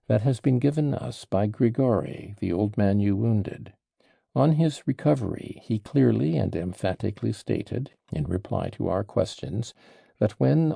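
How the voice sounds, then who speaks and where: A man reading an audiobook, voicing a cold, composed prosecutor in a frigid, measured delivery. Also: fairly low pitch, creaky, dark tone, slightly rough, no echo, clean studio sound, full character voice.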